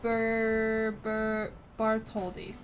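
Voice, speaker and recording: Over soft background music, a woman with a slightly high voice speaks very slowly and in a monotone while streaming a strategy game. She reads the game text aloud, stumbles on words, curses, and chats casually with plenty of "like".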